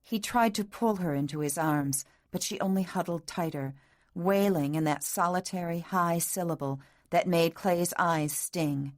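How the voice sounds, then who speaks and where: Woman audiobook narrator, slightly low pitch, soft measured romance reading. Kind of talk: scripted narration.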